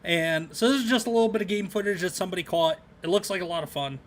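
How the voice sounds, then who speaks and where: A man's voice: high voice, fast. A man co-hosting a casual podcast about games, rambling with lots of ums and uhs. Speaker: podcast co-host.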